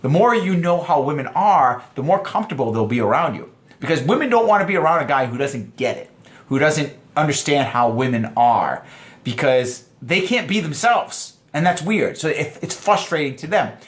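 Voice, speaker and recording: A man giving dating advice to other men, lively and explaining point by point, acting out quoted lines in funny voices. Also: on the high side, moderate pace. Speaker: dating coach. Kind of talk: instructional vlog talk.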